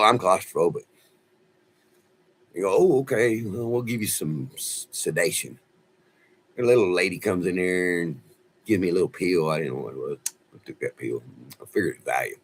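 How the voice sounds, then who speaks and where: Man, livestream host; low voice, lively up-and-down delivery, rambling and folksy. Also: moderate pace, long pauses, husky. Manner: rambling, folksy, laughing often. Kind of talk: casual storytelling livestream. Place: off-grid home.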